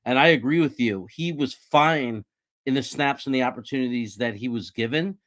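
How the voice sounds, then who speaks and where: A man's voice: mid-range voice, moderate pace, fairly bright tone. A man co-hosting a casual sports livestream, talking in an easygoing way and chuckling along. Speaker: podcast co-host.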